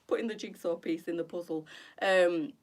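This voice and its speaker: A woman's voice: lowish voice, steady tone, normal speed. A middle-aged woman, chatting casually to viewers on her boutique live stream and calling them girls.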